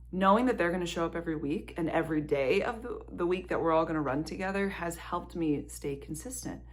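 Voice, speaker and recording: A middle-aged woman chatting to her viewers in a relaxed storytelling way. Her voice sits on the lower side, and she laughs easily. Now and then she drops into soft, half-whispered asides. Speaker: vlogger. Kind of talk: casual storytelling to camera.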